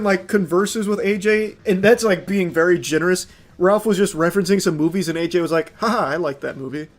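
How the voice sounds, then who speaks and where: A young adult man streaming, ranting casually with lots of swearing and frequent laughter. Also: high-pitched. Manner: animated, profane, laughing often. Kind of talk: casual livestream rant.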